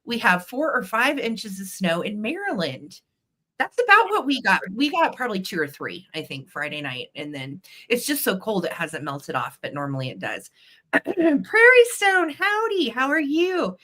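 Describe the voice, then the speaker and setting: A woman's voice: fairly high pitch, very animated, normal speed, bright, forceful tone. Bubbly woman greeting viewers. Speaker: live sale host. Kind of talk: chatty livestream greetings.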